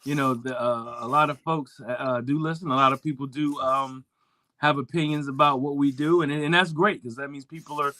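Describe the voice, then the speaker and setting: A man's voice: mid-range voice, fairly even intonation, normal speed, bright, forceful tone, dry recording. A man hosting a sports talk show, talking casually with lots of fillers and restarts.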